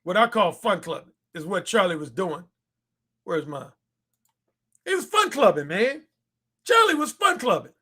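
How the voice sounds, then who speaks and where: A man telling a story in a casual monologue, animated and repetitive, acting out the quotes. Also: high voice, measured pace, long pauses. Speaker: dating commentator.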